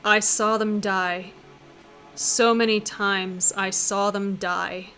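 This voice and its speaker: A woman's voice: medium pitch, little pitch movement, slow pace, pushed and bright, clear, resonant tone, soft background music, voice pushed down, poor audio. A woman voicing a grave, sorrowful immortal being. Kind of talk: visual novel line reading.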